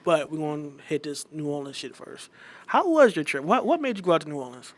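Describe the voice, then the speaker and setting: A man's voice: on the high side, sing-song, fairly quick. Teasing young man, blunt podcast co-host. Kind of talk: casual chat.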